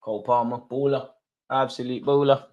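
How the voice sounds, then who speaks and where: A man's voice: mid-range voice, fairly even intonation, moderate pace, darkish tone, muffled recording. A young man hosting a live football watch-along, reacting as a partisan fan and talking straight to his viewers in street slang. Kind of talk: live fan commentary on a match.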